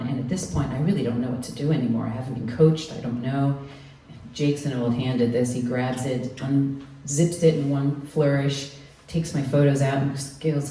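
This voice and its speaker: Low, mellow woman telling a story on stage. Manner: animated, acts out the people she quotes. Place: live storytelling event. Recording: echoey room, mic from far off, faint noise.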